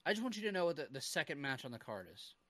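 A man with a bright, forward voice and a slightly high pitch chats on a podcast. He runs through the details in an upbeat way, and the sound is close and dry. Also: very animated, rapid-fire, dry recording. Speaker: podcast co-host. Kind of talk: casual chat.

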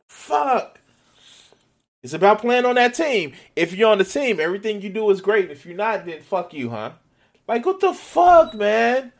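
A man giving casual, profane reaction commentary on a video, excitable and laughing often. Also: high voice.

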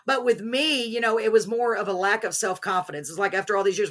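A woman hosting an interview show, chatting in a gushing, emotional way that comes in animated bursts. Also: mid-range voice, fast talker, hardly any pauses. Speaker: podcast host. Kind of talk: casual interview chat.

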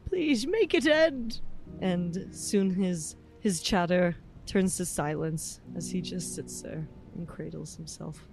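Player, slow, hesitant third-person narration, soft music bed. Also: medium pitch, little pitch movement, gravelly. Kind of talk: narrating a tabletop game.

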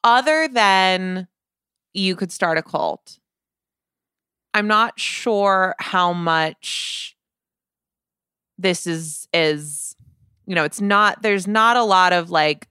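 A woman co-hosting a podcast, chatting casually about an album in a playful, animated way, often restarting her sentences. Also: fairly low pitch, very slow, pauses often, clear, resonant tone, no room sound, studio quality. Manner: animated, playful, self-interrupting. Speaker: podcast co-host. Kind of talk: casual chat reviewing music.

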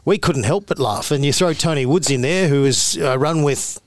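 A man with an Australian accent, co-hosting a podcast and recalling stories in a relaxed, chuckling way. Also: a little high, moderate pace, no echo, clean studio sound. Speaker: podcast co-host, former footballer. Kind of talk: casual chat.

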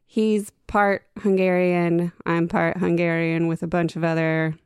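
A woman's voice: fairly low pitch, little pitch movement, a little slow, darkish tone, smooth, no echo, studio quality. A woman guest, herself a podcast host, chatting casually in an easygoing, self-deprecating way. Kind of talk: casual chat.

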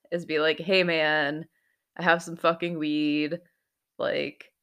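A woman's voice: low-pitched, fairly bright tone. A young woman recapping a TV episode in casual chat, laughing often and saying "like" a lot.

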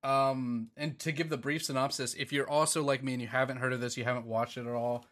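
A man's voice: medium pitch, flat delivery, fast, fairly bright tone. Casual rambling man chatting. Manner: rambling, swearing, laughing often. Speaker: podcast co-host. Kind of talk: casual chat.

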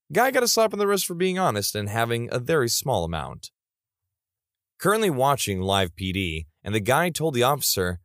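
A man's voice: mid-range voice, sing-song, moderate pace, fairly bright tone, no room sound, clean studio sound. A man narrating reader stories in a comedic style, with playful asides.

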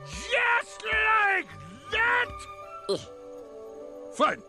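Woman doing a big grumpy alien man, squealing high and swooping all over, in slow huffy bursts. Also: very animated, soft background music, heavily acted. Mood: indignant. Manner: shrill indignant shouting. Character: huge grumbling male alien scientist.

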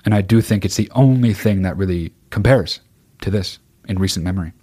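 Low-voiced, foul-mouthed podcast host. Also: male voice, brisk, mellow, slightly rough. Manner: swears constantly, rambling and blunt. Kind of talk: casual chat answering listener questions.

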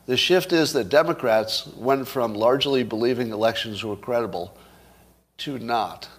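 A middle-aged man talks straight to his audience, needling them with rhetorical questions and dry sarcasm. His voice sits at an ordinary middle pitch, and he chuckles at his own points. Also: normal speed, husky. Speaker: commentator. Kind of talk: solo political commentary to camera.

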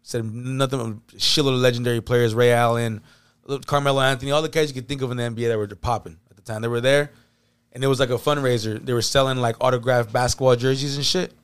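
A man's voice: mid-range voice, fast talker, clear, resonant tone, no echo. A man on a casual podcast, telling stories animatedly, acting out the people he quotes and swearing freely. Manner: animated storytelling, acts out quotes, profane. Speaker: podcast co-host. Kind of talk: casual chat.

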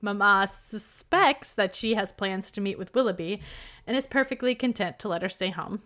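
A woman's voice: mid-range voice, moderate pace, a bit bright. A woman co-hosting a podcast, recapping a book in a chatty way, with frequent "like"s and laughter. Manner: chatty recap, laughs often, says "like" a lot. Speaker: podcast co-host. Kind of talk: casual book discussion.

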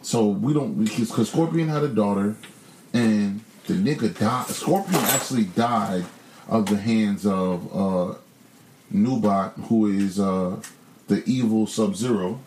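A man's voice: lowish voice, measured pace, darkish tone, roomy sound, a little hiss or hum, poor audio. A man co-hosting a casual chat, ranting bluntly and profanely with a joking edge. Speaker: podcast co-host.

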